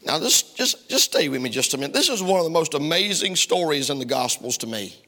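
A male pastor preaching a sermon in a church, folksy and emphatic, climbing to loud heated preaching. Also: on the high side, sing-song, brisk. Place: church sanctuary. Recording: long reverb of a church hall.

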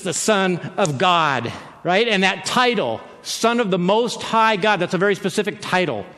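A man with a fairly high voice preaches in a loose, conversational way and keeps checking in with his listeners. His words echo with the long reverb of a large hall. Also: fairly bright tone. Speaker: pastor. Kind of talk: sermon.

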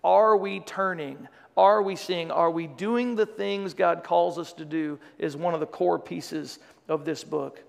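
A man preaches from the pulpit, his voice pitched high and roughened by a gravelly edge. He reads scripture with dramatic weight and breaks off for joking asides to the congregation. Everything trails off into the long reverb of a large church hall. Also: unhurried, hardly any pauses. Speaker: pastor. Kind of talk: sermon with scripture reading.

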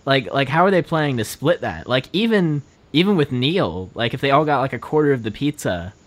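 A man's voice: mid-range voice, animated, brisk. A young man co-hosting a casual podcast chat, rambling with lots of fillers and frequent laughter. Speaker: podcast co-host.

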